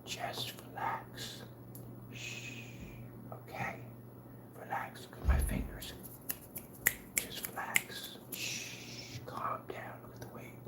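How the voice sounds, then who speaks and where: A man doing a hushed whispered role-play soother. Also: takes it slowly, pauses often, roomy sound, recorded from a distance, lightly acted. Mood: hushed soothing. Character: soothing whispering ASMR man calming someone.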